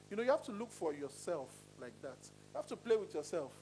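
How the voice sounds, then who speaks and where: A man teaching a singing class, animated and demonstrative, often asking if he's understood. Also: fast, few pauses, slight background noise, rough recording. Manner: animated, demonstrating voices with sudden pitch swings. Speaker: singing coach. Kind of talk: voice lesson to a class.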